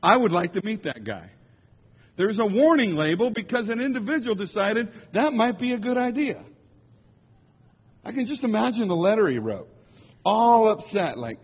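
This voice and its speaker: A man, a musician, telling humorous stories to a congregation in an animated, jokey way, slipping into quick impressions. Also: high voice, slightly rough. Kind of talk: humorous storytelling talk. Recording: dull lo-fi sound in a large reverberant hall.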